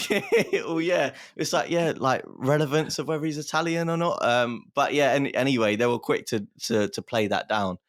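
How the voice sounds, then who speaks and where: A man co-hosting a casual sports podcast, talking in a relaxed way with chuckles. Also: mid-range voice, normal speed, few pauses, dry recording, clean studio sound. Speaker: podcast co-host. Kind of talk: casual chat.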